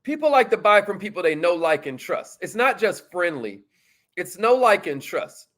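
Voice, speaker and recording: A man teaching sales follow-up in a casual, energetic, slangy manner, talking straight to his viewers. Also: high voice, moderate pace. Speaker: sales coach. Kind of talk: motivational teaching talk.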